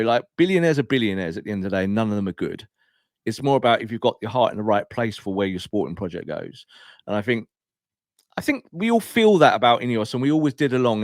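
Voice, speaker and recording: A man's voice: lowish voice, no echo, studio quality. A man co-hosting a casual football podcast, ranting with opinions and laughing as he talks. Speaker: podcast co-host.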